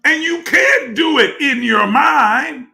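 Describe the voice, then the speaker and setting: A man preaching in a very high, bright voice with a gravelly edge. He speaks slowly and rises to shouts, hammering his phrases again and again. Faint music plays underneath. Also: animated. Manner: preaching cadence, rising to shouts, repeating phrases. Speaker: teacher of a spiritual group. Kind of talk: fervent spiritual teaching.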